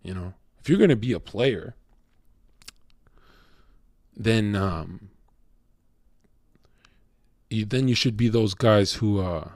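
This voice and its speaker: Talking to his chat, this young streamer delivers a blunt, crude, cocky monologue laced with swearing. His lowish voice is animated yet slow, with long pauses, and the studio sound is clean with no echo.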